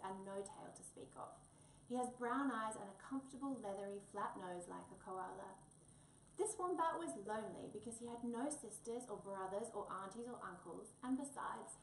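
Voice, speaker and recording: Woman reading a children's story aloud. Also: fairly high pitch. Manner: expressive, lilting reading. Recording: echoey room, distant mic, faint noise.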